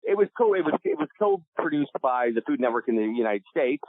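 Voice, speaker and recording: A middle-aged man from Canada telling stories as a podcast guest, animated and casual, restarting sentences and swearing freely. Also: mid-range voice, a little fast, creaky, dry recording. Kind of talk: storytelling interview. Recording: dry, tinny phone-like sound.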